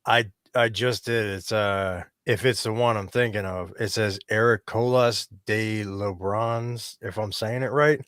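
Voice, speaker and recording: A man's voice: fairly low pitch, steady tone, unhurried, hardly any pauses, a bit bright, smooth, no room sound, clean studio sound. A man co-hosting a casual toy chat show, easygoing and friendly. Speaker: co-host.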